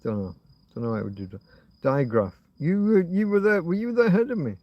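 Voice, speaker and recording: A man's voice: a little high, lively intonation, brisk, no echo, muffled recording. Rambling sweary man on a late-night stream. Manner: musing, sweary, self-talking. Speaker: livestream host. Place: outdoors at night near a road.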